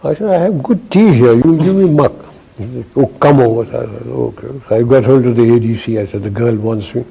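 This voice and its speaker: Older man, dark raspy voice, jocular raconteur. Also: medium pitch, fairly quick, low-quality recording. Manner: wry, jocular, acts out dialogue. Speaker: retired army chief interviewee. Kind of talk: anecdotal storytelling interview.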